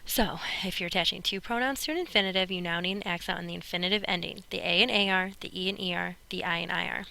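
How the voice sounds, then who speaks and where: A woman gives a recorded grammar lesson in a bright, clear voice that sits a little low. She sounds chatty and upbeat and talks straight to her students. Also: fast, rough recording. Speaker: Spanish teacher. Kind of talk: recorded classroom lesson narration.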